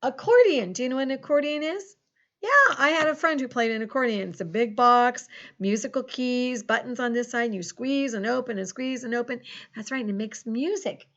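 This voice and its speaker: A woman teaching a recorded phonics lesson to young children, encouraging them and sounding out words slowly. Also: on the high side, fairly bright tone, lo-fi sound. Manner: encouraging, slow and exaggerated word sounding. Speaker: second grade teacher.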